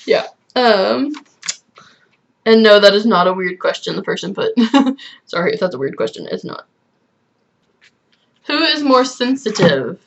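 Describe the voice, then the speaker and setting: A woman's voice: mid-range voice, lively intonation, measured pace, creaky, pauses often, muffled recording. A woman hosting a casual couple chat, laughing often between her lines. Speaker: channel host.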